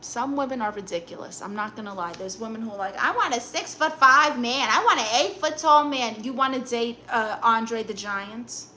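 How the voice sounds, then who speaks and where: Bright, forceful, and fairly high in pitch, this woman's voice carries a Brooklyn accent as she portrays a sassy, blunt aunt giving dating advice and reacting to viewer comments during a live stream. Expect quick comebacks, plus slight background noise.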